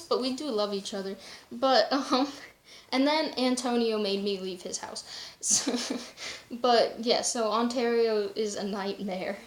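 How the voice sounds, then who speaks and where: A woman's voice: fairly high pitch, unhurried. A woman chatting casually to camera, rambling and swearing freely, often laughing. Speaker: vlogger. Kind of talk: casual chat. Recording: echoey room.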